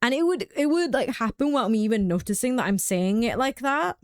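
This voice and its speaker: A woman's voice: fairly high pitch, expressive, a little fast, dry recording, studio quality. A young adult woman streaming a game live, rambling and chatting casually with frequent laughs.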